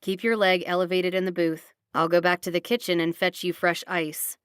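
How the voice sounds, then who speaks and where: Gruff grumpy dad type, low and clipped, dry close sound, woman putting him on. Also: little pitch movement, moderate pace, a bit bright, dry recording, lightly acted. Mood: curt. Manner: curt, lowered voice. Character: gruff brooding grown man, resort owner.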